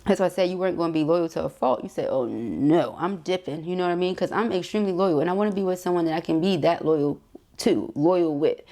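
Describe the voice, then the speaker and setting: Woman, tarot reader, lowish voice, chatty and emphatic. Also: a little mellow. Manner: chatty, emphatic, addresses viewers directly with asides and laughs. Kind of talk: casual tarot reading monologue.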